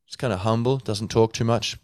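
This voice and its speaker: A man's voice: on the low side, steady tone, a little fast, no echo. A man hosting a podcast, thinking aloud in a rambling, playful way with many fillers. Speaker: podcast host. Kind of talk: casual solo talk.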